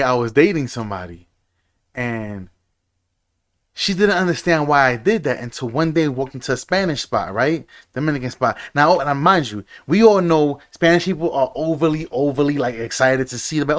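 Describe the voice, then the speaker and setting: A fairly high-voiced man talking in a casual, animated way. He tells stories, says key phrases over and over for emphasis, and slips into imitations of other people when he quotes them. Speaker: podcast guest. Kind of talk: casual chat, storytelling.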